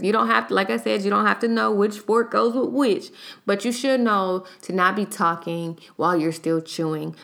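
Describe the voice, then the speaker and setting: Gravelly-voiced chatty young woman vlogger. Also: medium pitch. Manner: chatty, animated retelling with slangy asides. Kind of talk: casual storytime vlog.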